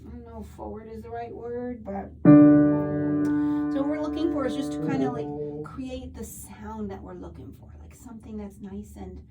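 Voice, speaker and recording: Woman voice teacher explaining stuff patiently, says "like" a lot, sings little vowel demos, mic kinda far off, piano loud behind her. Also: on the high side, moderate pace. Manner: patient and explanatory, many "like" fillers; breaks into short sung vowel demonstrations. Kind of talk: one-on-one singing lesson.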